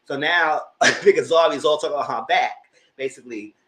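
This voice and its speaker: A man casually recapping a reality TV show, retelling scenes with animated quoted voices. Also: a little fast, slight background noise, rough recording. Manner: animated retelling, jumps into high squealing voices when quoting others. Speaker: commentator.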